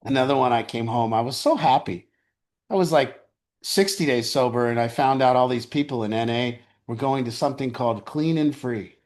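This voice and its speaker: A man's voice: mid-range voice, a little fast, a little mellow. A middle-aged man leading a recovery group, telling candid stories with crude humor and laughter. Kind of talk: group sharing talk.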